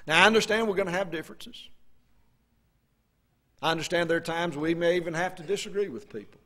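A preacher delivering a sermon with a bright, ringing voice set fairly high for a man. He talks to the congregation in a folksy way and draws scripture out slowly and loudly.

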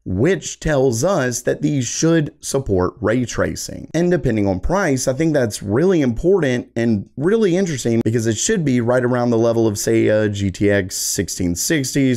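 A man with a raspy voice, a little sick, hosting a casual tech news show and reading off hardware specs in a brisk, chatty way. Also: mid-range voice, darkish tone. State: recovering from being sick.

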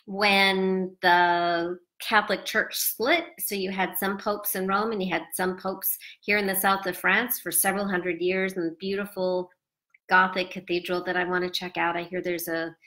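A woman chats in a loose, rambling travel vlog and often stops to hunt for words. She sounds worn out and sleepy, and her voice has a bright, forward edge. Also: on the low side, little pitch movement, normal speed. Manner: chatty, rambling, with many fillers. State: tired and sleepy. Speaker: travel vlogger.

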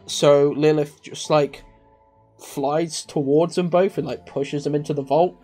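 A man's voice: fairly high pitch, normal speed, darkish tone, soft background music. A young man hosting a gaming channel, giving an unscripted, exasperated film review full of swearing and rhetorical outbursts. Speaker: video game channel host.

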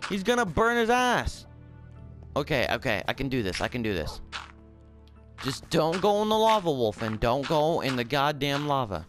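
A man's voice: mid-range voice, big pitch swings, moderate pace, soft background music. A swearing, emotional gameplay commentator man. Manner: emotional, swearing, yelling in frustration then soothing his pet.

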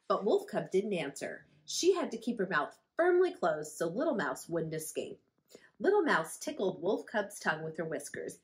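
A woman, a children's librarian, reading a picture book aloud to children in a friendly, expressive storytelling manner. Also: on the low side, moderate pace.

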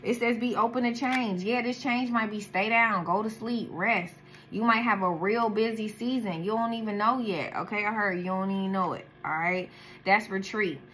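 An adult woman with a daughter does a casual tarot reading in a mid-range, fairly bright voice at a moderate pace. She talks bluntly, full of slang and profanity, with slight background noise.

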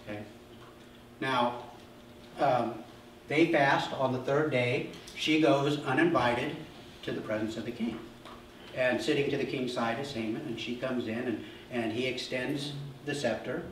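A man's voice: mid-range voice, measured pace, a bit bright, far from the mic, a little hiss or hum. A male pastor giving a casual sermon, retelling a story with humorous asides. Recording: echoey church hall, mic from afar.

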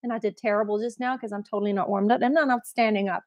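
A woman vocal coach answering viewer questions in a relaxed, explanatory way, breaking into short sung examples. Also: mid-range voice, fast talker, dull audio. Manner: explanatory, demonstrates with sung snippets.

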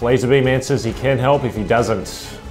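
A woman's voice: rumbling low, moderate pace, music in the background. An Australian woman hosting a spelling bee, bossy and teasing. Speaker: quizmaster host. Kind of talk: comedic game hosting.

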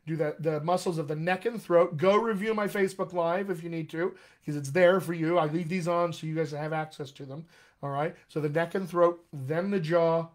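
A man coaching actors on accents in a live online session, enthusiastic and encouraging, talking straight to his viewers. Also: a little high. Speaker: dialect coach. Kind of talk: live-streamed coaching talk. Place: home room, live video stream.

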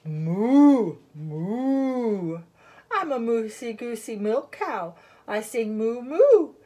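A woman voicing a placid milk cow in a sung children's storybook, with low drawn-out moos. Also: expressive, dark tone, heavily acted.

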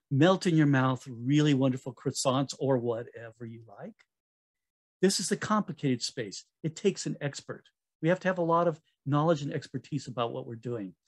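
Guy giving a talk at a conference, kinda higher voice, laid back, lots of uhs and restarts. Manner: relaxed, conversational, with fillers and self-corrections. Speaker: conference speaker.

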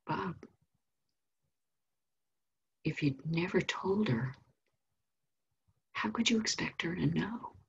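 A woman playing a calm, firm mother. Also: fairly high pitch, husky, dull audio, full character voice. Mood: soft. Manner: soft and measured.

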